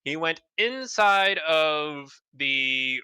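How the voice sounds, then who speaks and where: Guy running a tabletop game, super bright voice, stumbles over words, dry sound. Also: on the high side, lively intonation, very slow, clear, resonant tone, no room sound. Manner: stammering, repeats words while narrating. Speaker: game master.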